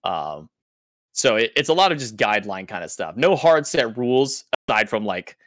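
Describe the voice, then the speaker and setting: A man's voice: fairly low pitch, sing-song, normal speed, a bit bright, no room sound, clean studio sound. Man explaining casting loosely. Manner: loose, explanatory, heavy on filler words. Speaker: esports caster. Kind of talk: casual podcast talk.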